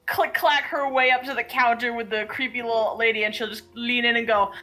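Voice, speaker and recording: A woman's voice: a little high, steady tone, fairly quick, sharp tone, poor audio. A woman playing a tabletop game over voice chat, playful and giggly. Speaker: player.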